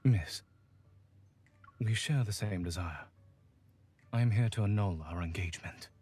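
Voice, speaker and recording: An actor playing a reserved, wealthy young noble bachelor in a game, speaking in a put-on British accent with stiff, formal manners. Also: male voice, fairly low pitch, a little mellow, slightly rough. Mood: cool. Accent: British, put on by an American actor. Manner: stiff, formal, measured speech. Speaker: game character.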